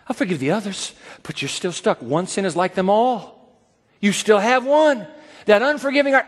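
A man preaching a sermon as pastor, dramatic, acting out quoted voices and swinging between loud and soft. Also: high voice, normal speed, long reverb tail.

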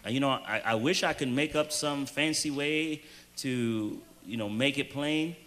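A man on a youth panel telling a personal testimony, earnest and halting, slowing down hard on the phrases he wants to land. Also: medium pitch, a bit bright. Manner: earnest storytelling with hesitant restarts and emphatic slowed phrases.

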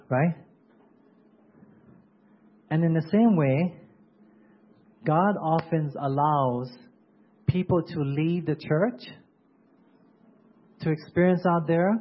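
A man delivers a sermon in a husky, fairly high voice, often stopping to put questions to his listeners. The recording sounds dull and lo-fi, with the top end muffled. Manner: keeps asking the congregation questions. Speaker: preacher.

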